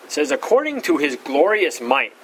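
A pastor giving an expository Bible teaching, repeating words and saying "all right" often, rising in pitch to stress key points. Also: male voice, very animated, normal speed, a bit bright, a little hiss or hum, poor audio. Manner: rises in pitch for emphasis.

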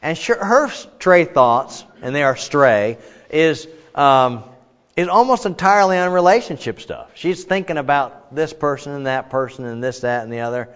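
A man preaching a relaxed, conversational sermon in a church, joking and often pausing on fillers. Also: a little high, clear, resonant tone. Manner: chatty and joking, frequent fillers. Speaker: pastor. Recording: echoey hall, dull sound.

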